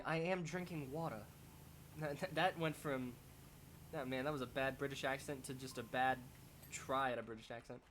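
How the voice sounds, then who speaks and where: A man's voice: medium pitch, a bit bright, slight background noise. Rambling young man chatting while gaming. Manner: rambling, thinking aloud with many restarts. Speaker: streamer. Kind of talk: casual chat while playing a game.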